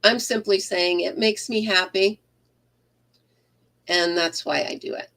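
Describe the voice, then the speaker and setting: A woman's voice: lowish voice, a little slow, creaky, fairly bright tone. A woman chatting casually on a home crochet livestream, rambling, laughing often and greeting viewers by name. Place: craft room at home.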